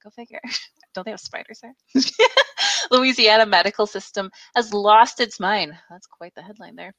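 A woman from Alaska co-hosts a relaxed online talk show, breaking into giggles often. Her voice sits in an ordinary middle range. The sound is close and dry, with no room around it. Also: medium pitch, normal speed, dry recording, lo-fi sound. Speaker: podcast co-host. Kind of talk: casual chat.

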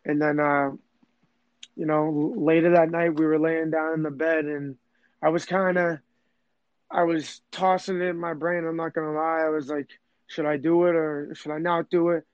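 A man's voice: fairly high pitch, little pitch movement, moderate pace, smooth, no echo. Rambling young man with a dull, lo-fi sound. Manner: rambling, full of fillers and restarts, emotional. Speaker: man telling his proposal story. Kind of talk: casual conversation.

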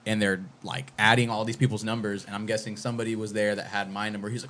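A man's voice: lowish voice, level tone, quick pace, a bit bright. A young man co-hosting a podcast in casual chat, telling stories with heavy swearing and acting out his own texts. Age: young adult. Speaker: podcast co-host.

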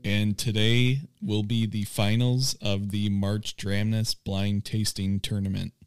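A man's voice: on the low side, slow pace, clean tone, soft background music. A man hosting a podcast, leading a casual joking chat with friends. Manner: relaxed joking banter, leads the segment. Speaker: podcast host.

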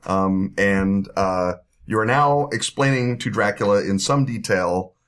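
Game master, male, lowish voice; loose, rambling narration. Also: measured pace, a bit bright. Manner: rambling, full of fillers and sound effects.

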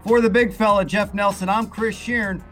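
A man's voice: sits high, fairly even intonation, fairly quick, fairly bright tone, soft background music. A man hosting a podcast, signing off the episode in an upbeat, announcer-like way. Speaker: podcast host. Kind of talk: podcast sign-off.

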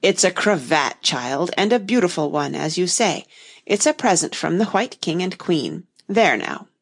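A woman's voice: lowish voice, big pitch swings, a little slow, vocal fry, heavily acted. A woman voicing a pompous, argumentative egg-shaped man in a storybook reading. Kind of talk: audiobook reading.

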